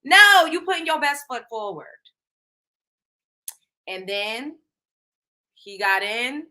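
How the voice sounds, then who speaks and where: Woman gossip host, bright and high-voiced, talking casual and slangy with an animated delivery. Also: takes it slowly. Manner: slangy, animated, laughing asides. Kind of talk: casual celebrity gossip commentary.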